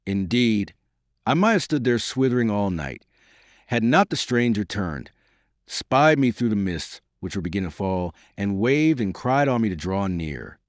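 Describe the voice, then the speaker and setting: This is scripted audiobook narration by a man with a fairly low voice, recorded cleanly in a studio without echo. His storytelling is formal and measured.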